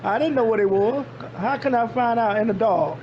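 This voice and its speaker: A man tells his story in an emphatic, repeating way. His voice sits fairly high and has a gravelly edge. The stream audio is muffled and carries clear background noise. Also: normal speed. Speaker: podcast guest. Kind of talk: casual storytelling chat.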